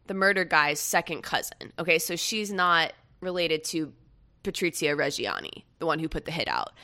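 A young woman hosting a casual pop-culture chat, chatty and quick to laugh. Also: mid-range voice. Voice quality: bright, chatty, laughs often. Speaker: podcast host.

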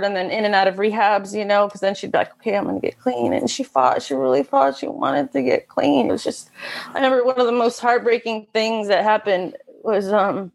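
A middle-aged woman telling a painful personal story as a guest, candid and emotional, often halting. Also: medium pitch, gravelly.

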